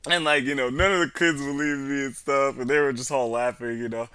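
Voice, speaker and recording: Young man, casual storytelling, rambling and slangy, bright voice, dry close mic. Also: medium pitch, fairly even intonation, fairly quick, clean tone, no echo. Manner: rambling, slangy, profane, many fillers. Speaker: vlogger.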